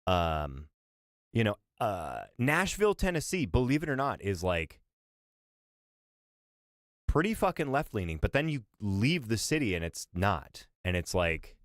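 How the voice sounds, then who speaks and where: A man with a fairly low voice rambles through casual live-stream chat, swearing freely. His pitch swoops in a lively, animated way. The sound is dry and close. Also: measured pace, no echo.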